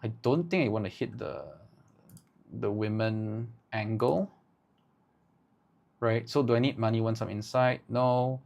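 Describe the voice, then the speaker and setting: A man teaching ad writing live, thinking aloud in halting bursts and tagging his points with "right?". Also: medium pitch, gravelly, a little mellow, dull audio. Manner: halting, with many restarts. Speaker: agency owner teaching ad writing.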